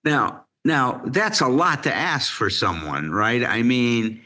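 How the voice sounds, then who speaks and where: A man's voice: medium pitch, lively intonation, takes it slowly, sharp tone. A man co-hosting a recovery talk show, earnest and blunt, swearing now and then. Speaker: podcast co-host.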